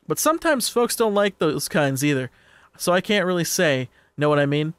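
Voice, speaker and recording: A man's voice: on the high side, lively intonation, normal speed, fairly bright tone, clear, resonant tone, no room sound. A man voicing a chatty, rambling older male neighbor who likes his whiskey, read aloud in a folksy manner.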